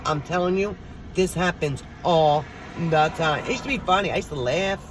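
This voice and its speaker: Background noise accompanies a low-leaning female voice at a moderate pace. In a chatty, storytelling style, this middle-aged vlogger talks to her viewers and performs the voices of the people she describes.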